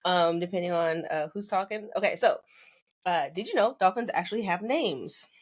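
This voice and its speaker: A woman with a fairly low voice, speaking with expressive ups and downs. She chats on a podcast and explains facts in an amused, conversational way. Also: normal speed. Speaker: podcast co-host. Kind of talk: casual chat, sharing fun facts.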